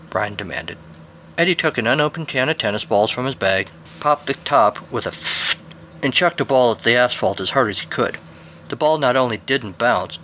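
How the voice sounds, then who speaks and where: A man's voice: fairly low pitch, bright, forceful tone, slight background noise. A man hosting a podcast, reading a scripted spooky story and outro with a dry, wry delivery.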